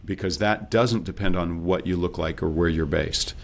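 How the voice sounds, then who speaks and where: Deep-voiced man coaching on accents. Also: moderate pace, vocal fry. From based in Texas. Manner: relaxed, explanatory, acts out quoted self-talk. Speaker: accent and dialect coach, guest. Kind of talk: casual interview talk.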